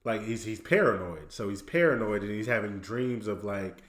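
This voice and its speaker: A man's voice: fairly low pitch, expressive, normal speed, reverberant. A man co-hosting a casual podcast, retelling cartoon scenes with quoted voices and laughs. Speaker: podcast co-host.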